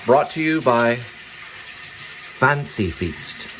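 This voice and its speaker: A man putting on a slow, drawn-out British-accented pitchman voice for a cat-food ad. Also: expressive, background noise. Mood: drawling pitch. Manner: drawn-out, slowed delivery.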